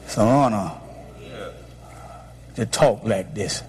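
A man's voice: on the low side, lively intonation, takes it slowly, creaky, long pauses, a little mellow. A man, a pastor preaching a sermon with emphatic, repetitive declarations.

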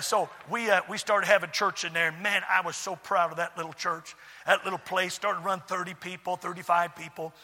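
A man's voice: high-pitched, pushed and bright. A middle-aged man preaching a sermon, telling folksy stories with many fillers and restarts. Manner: folksy storytelling, repetitive, frequent fillers and restarts. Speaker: pastor. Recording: long hall reverb.

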